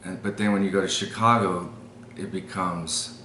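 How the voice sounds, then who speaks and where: A man's voice: sits low, steady tone, a little slow, bright, forceful tone, slight background noise. A man from El Paso with an El Paso accent, reading accent-tag questions and explaining his accent in a matter-of-fact way. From El Paso, Texas. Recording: roomy echo.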